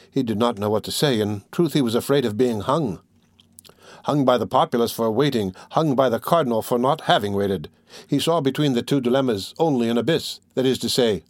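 A man narrates a classic novel aloud in a measured, expressive way, reading from a script. His voice is mid-range, and the studio recording is clean with no room sound.

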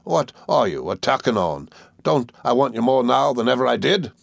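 A man voicing a hearty, jovial old fisherman with a broad rustic dialect and booming laughs. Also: very animated, moderate pace, vocal fry, no echo, clean studio sound.

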